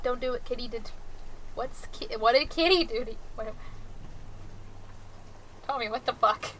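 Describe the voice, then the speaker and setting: A young woman streaming and chatting casually with her viewers, giggly and rambling, swinging between excited and chill. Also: fairly high pitch, moderate pace, background noise. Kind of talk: casual chat with live chat.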